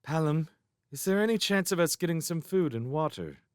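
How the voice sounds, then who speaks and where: A man voicing a spirited young female mouse maid in a storybook, pitched high and indignant. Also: lively intonation, moderate pace, smooth, dry recording, studio quality, lightly acted. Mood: pleading.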